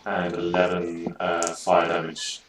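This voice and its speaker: A man's voice: low-pitched, completely flat delivery, slow pace, recorded from a distance. A man playing in a tabletop game, talking casually and swearing now and then. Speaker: player. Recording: roomy sound, away from the mic, faint noise.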